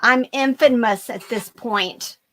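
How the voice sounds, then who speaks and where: A woman hosting a live reselling stream, chatting casually in an upbeat, repetitive way. Her voice sits fairly high and her pace is slow and unhurried. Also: bright, forceful tone. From Germany. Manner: chatty, upbeat, repeats phrases. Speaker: reseller channel host.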